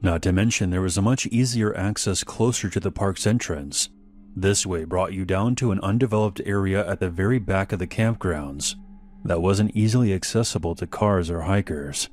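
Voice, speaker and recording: A man narrating an animated horror story in a measured, slow storytelling manner. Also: low-pitched. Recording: faint background music.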